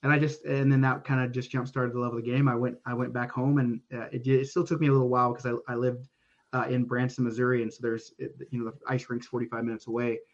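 A man's voice: medium pitch, little pitch movement, fast. Rambling man with a dull lo-fi sound. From Oklahoma. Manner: rambling, frequent restarts, swears casually. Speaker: podcast guest. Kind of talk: casual storytelling.

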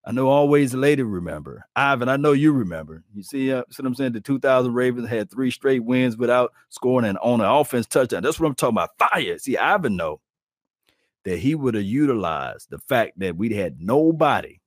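A man hosting a sports talk channel, chatting live with viewers in an animated, folksy way. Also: medium pitch, fairly quick, dry recording, clean studio sound. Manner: animated, folksy, addresses the audience directly.

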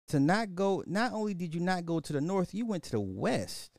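Podcast host, male, mellow voice in a dry room, needling and repetitive. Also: high-pitched, sing-song, moderate pace, few pauses, no room sound. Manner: repeats rhetorical questions, mocking and chuckling. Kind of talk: casual social commentary monologue.

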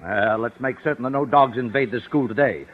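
An actor playing a pompous, stern school official in a 1950s radio sitcom. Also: male voice, mid-range voice, a little fast, close to an everyday voice. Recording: muffled old radio broadcast.

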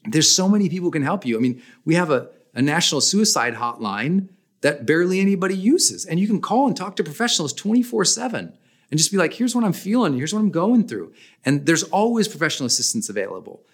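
A man's voice: on the high side, very animated, fast. A man hosting a podcast, giving motivational talk with emphatic stress that jumps up on key points. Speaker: podcast host.

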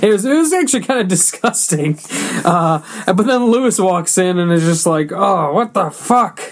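A man with a notably high voice talks through a movie in a loose, casual chat. He rambles, stops and restarts his sentences, and acts out lines from the scenes as he recaps them. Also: animated, normal speed.

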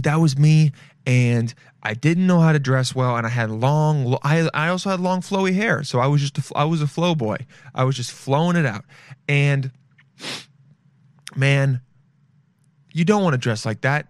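A sniffly young man from Los Angeles talks in a loose, rambling way, swearing often and calling everyone "dude." His voice sits at an ordinary middle pitch. The sound is dry and close, with no room around it. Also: no echo. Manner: rambling, swears freely, calls listeners "dude". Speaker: podcast host. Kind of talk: casual solo chat.

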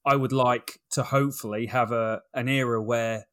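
A man's voice: medium pitch, steady tone, moderate pace, a bit bright. A man co-hosting a cricket podcast, chatting casually and enthusiastically with his partner. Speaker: podcast co-host.

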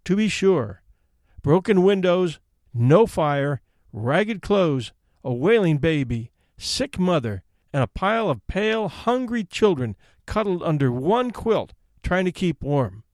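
A man hosting a story podcast, reading a classic tale aloud with expressive narration. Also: fairly high pitch, no echo, studio quality.

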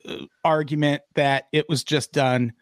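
A man's voice: a little high, flat delivery, unhurried, no echo, clean studio sound. A man hosting a podcast, telling news stories in a profane, sarcastic way. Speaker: podcast host. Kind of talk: casual podcast banter.

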